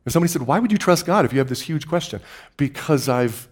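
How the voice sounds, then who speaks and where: A male pastor whose voice sits on the high side, with a breathy edge, delivers a sermon. He shifts from soft, slow passages to loud, excited outbursts and repeats words for emphasis.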